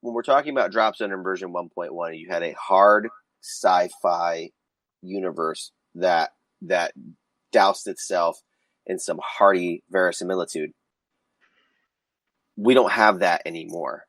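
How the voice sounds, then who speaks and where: Man, podcast host, sarcastic, facetious, lowish voice, dry recording. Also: unhurried, a bit bright, no room sound, rough recording. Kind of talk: casual tabletop wargame chat.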